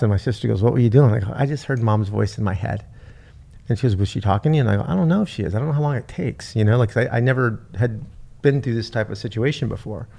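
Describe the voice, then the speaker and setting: Casting: middle-aged male podcast host, gravelly, halting, emotional storyteller. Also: on the low side, a little mellow. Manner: halting, repeats words, retells talks with his mother.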